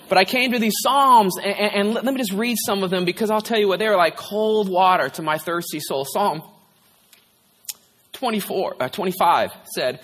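A male pastor with a high, fairly bright voice speaks fairly quickly, his sermon echoing with long hall reverb. Candid and conversational, he shares a personal story, is tearful at times, and often says "right?".

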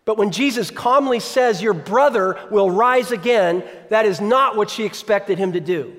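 A man's voice: high voice, normal speed, a bit bright. A man preaching a sermon as pastor, conversational, often asking the congregation questions. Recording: long reverb of a large hall.

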